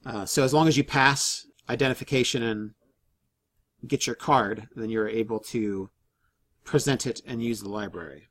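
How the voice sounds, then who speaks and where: Male game master, mid-pitched, halting delivery full of fillers, narrating a tabletop session. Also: fairly bright tone. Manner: halting, many fillers and restarts.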